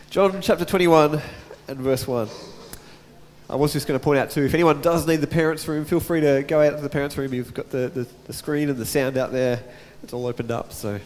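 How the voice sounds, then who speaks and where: A man preaching a sermon and reading scripture, chatting casually with his congregation between verses. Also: fairly high pitch. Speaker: pastor. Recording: long hall reverb.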